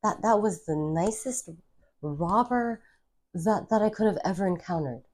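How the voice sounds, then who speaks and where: A woman's voice: mid-range voice, a little slow, darkish tone. A woman telling a personal story to camera in casual chat, blunt and swearing freely, often restarting her sentences and checking in with "okay?". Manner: addresses viewers directly with "okay?". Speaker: spiritual content creator.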